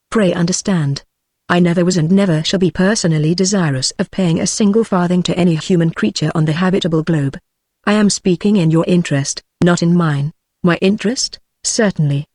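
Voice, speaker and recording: A text-to-speech woman's voice with a British English accent, reading a classic novel aloud at a steady, measured pace without voicing the characters. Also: fairly low pitch, dry recording, clean studio sound. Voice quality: synthetic, evenly paced. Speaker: audiobook narrator.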